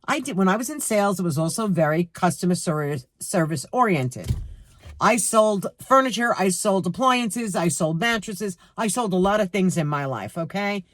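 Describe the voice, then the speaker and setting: A woman's voice: mid-range voice, normal speed. Heated New York woman ranting. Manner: heated, animated, talks to viewers directly. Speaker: vlogger. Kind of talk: storytime rant to camera.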